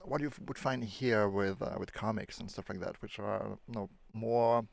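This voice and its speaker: Male podcast host, lowish voice, explanatory and easygoing, dry close sound. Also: normal speed, vocal fry, no room sound. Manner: explaining, with frequent tag questions. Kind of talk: casual podcast chat.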